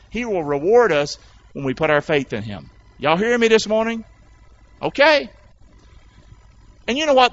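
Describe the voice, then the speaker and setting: A man preaching a sermon to his congregation, animated and emphatic, repeating words for effect. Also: sits high. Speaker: pastor. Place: church. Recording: dull lo-fi sound.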